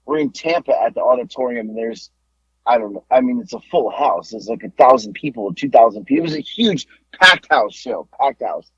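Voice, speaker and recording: A man co-hosting a podcast, telling a wrestling story in a casual, animated way, laughing and swearing as he goes. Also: mid-range voice, brisk, breathy edge, no room sound, lo-fi sound.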